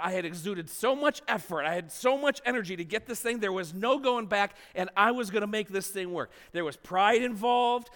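A man preaching a sermon as a pastor, telling a self-deprecating story in an animated way before turning to his congregation. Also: high voice, long reverb tail.

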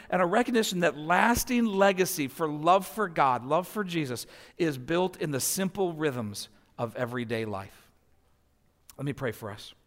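A man in his forties preaching a sermon as pastor, telling family stories and letting his voice climb as they build. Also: high voice. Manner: storytelling, voice rising in anecdotes. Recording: long hall reverb.

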